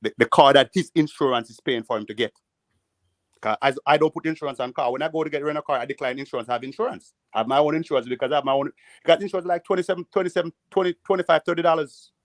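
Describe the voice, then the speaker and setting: A Jamaican man telling rambling, animated stories in patois during a casual panel chat. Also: fairly high pitch, racing, no room sound, clean studio sound. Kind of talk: casual storytelling. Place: living in the United States.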